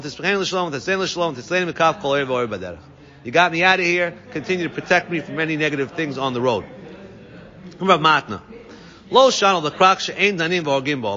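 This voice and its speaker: A man teaching a Talmud class, reading Aramaic phrases and translating each one with quick asides. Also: high-pitched, bright, forceful tone. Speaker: Torah teacher. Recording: dull sound with long reverb.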